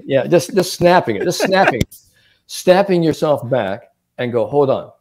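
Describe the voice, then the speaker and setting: In a podcast chat, a sports psychologist offers mental coaching tips, his voice slightly high and his delivery unhurried. He's a lively storyteller who performs the quotes he relays, giving voice to each person.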